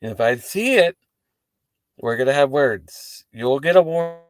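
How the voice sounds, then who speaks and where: A man with a mid-range voice speaks at a measured pace while hosting a wrestling post-show from his parked car. He talks casually and profanely to the camera, rambling and throwing in animated asides.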